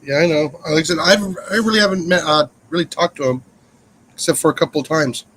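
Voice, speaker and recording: A man with a slightly raised pitch, joining a casual stream chat with short, offhand remarks. There is faint noise in the background. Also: fast talker, a bit bright, low-quality recording.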